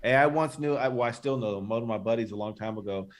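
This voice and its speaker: A man's voice: medium pitch, quick pace. A man co-hosting a podcast in a laid-back, joking way, calling people bro and swearing casually. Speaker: podcast co-host. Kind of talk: casual profane chat.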